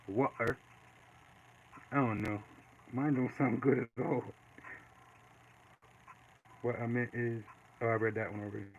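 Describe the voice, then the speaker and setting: A man casually chatting while he draws live, reading and answering viewer comments in a relaxed way. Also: medium pitch, normal speed, long pauses. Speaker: artist streaming live. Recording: dull lo-fi with faint noise.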